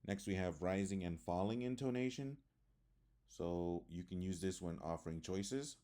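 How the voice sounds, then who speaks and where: A man's voice: low voice, dark tone. A man teaching an English lesson, explaining intonation and reading example sentences aloud in a plain explanatory way.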